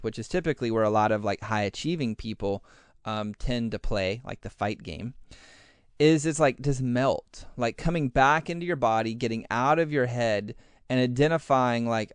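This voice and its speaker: Smooth-voiced man acting out his inner thoughts. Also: medium pitch, moderate pace, no room sound, clean studio sound. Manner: animated, acts out his own inner voice in quotes; uses many fillers like "like". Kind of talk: casual podcast talk.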